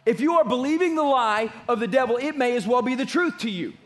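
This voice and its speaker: A pastor delivers a sermon with a strikingly high-pitched male voice. He preaches emphatically, hammering home his points through repetition, as if speaking in a church. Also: lively intonation, fast. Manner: emphatic preaching with repeated phrases.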